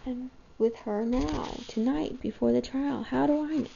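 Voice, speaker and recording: A woman's voice: high-pitched, a little slow, gravelly, dark tone, slight background noise, full character voice. A woman reading the lines of a frightened, headstrong young woman in a storybook reading, urgent and pleading. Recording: dull lo-fi home recording.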